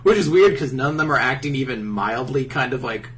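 A man's voice: mid-range voice, brisk, recorded from a distance. A man casually recapping an episode on a podcast, swearing a lot and mocking the characters' lines. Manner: profane, animated, mocking character voices. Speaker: podcast co-host. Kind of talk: casual chat recapping an anime.

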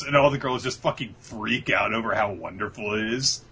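A man's voice: lowish voice, a little fast, few pauses, sharp tone, breathy edge. A man casually discussing an anime episode as a podcast co-host, acting out character lines with swearing and laughter.

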